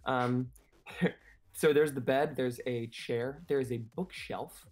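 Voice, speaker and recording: A man's voice: medium pitch, fairly even intonation. A man narrating an improvised tabletop game as game master, rambling with many fillers. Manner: rambling, filler-heavy, fast.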